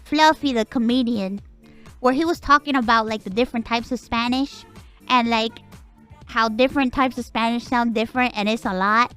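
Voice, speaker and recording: A woman with a Puerto Rican accent chats loosely on her stream, her high voice bouncing through run-on stories. She swears freely and laughs often. Soft music plays faintly underneath. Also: moderate pace, clean tone. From Puerto Rico. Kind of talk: casual chat.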